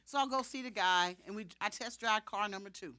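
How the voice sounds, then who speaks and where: A woman giving an animated faith testimony to a congregation, often laughing and acting out the people in her story. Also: medium pitch, brisk.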